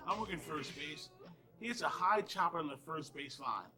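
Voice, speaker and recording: A man, an umpire, tells anecdotes with a laugh in his voice. His voice is bright and a little high. He talks freely, as in an interview. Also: expressive, a little fast, soft background music. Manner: laughing storyteller.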